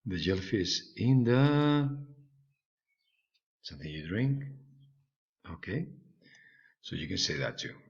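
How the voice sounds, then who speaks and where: A man's voice: sits low, big pitch swings, slow pace, gravelly, long pauses. A man whose first language is Spanish, patiently teaching an English lesson and checking in with "okay?" often. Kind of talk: recorded online English lesson. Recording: slightly dull lo-fi recording.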